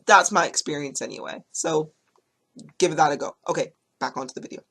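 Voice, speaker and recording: A woman hosting a casual hair care tutorial, chatty and reassuring, with lots of fillers and quick self-corrections. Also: low voice, husky. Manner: gentle, reassuring instruction.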